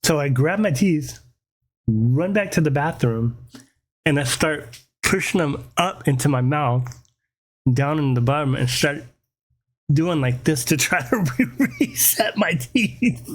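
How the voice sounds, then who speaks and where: A man telling a personal story in a casual, animated way, swearing freely and often checking in with "right?". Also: on the high side, a little slow, long pauses. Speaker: podcast host.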